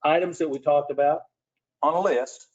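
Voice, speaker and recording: Higher-voiced commissioner at a meeting. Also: male voice, fairly even intonation, normal speed, darkish tone. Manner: plainspoken, makes a formal motion. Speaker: city commissioner. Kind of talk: public meeting discussion. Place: commission room at city hall. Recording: muffled lo-fi meeting recording.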